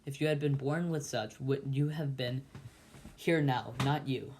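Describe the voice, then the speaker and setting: A pompous older uncle holding forth at dinner, read by a man in his own mid-pitched voice. He lectures and scolds in a bossy, self-important way, as in a storybook read aloud. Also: a little slow, darkish tone, slight background noise, lightly acted. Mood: lecturing.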